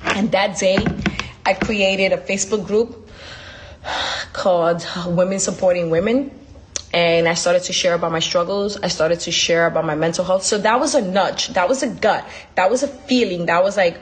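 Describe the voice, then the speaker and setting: A woman's voice: lowish voice, normal speed. A woman hosting a podcast, giving an emphatic, preachy motivational talk full of repetition, speaking from her desk. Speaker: podcast host.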